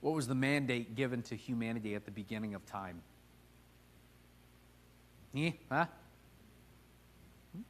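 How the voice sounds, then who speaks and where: Male Bible class teacher, thirties, casual and conversational, questions the group, average pitch. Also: measured pace, pauses often.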